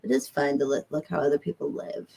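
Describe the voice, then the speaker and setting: A woman's voice: sits low, fairly even intonation, fast talker, vocal fry, dark tone, slightly rough. A Southern American woman hosts a livestream and chats with her viewers in a loose, rambling way. She swears casually as she talks to them. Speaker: livestream host. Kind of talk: casual chat answering viewers.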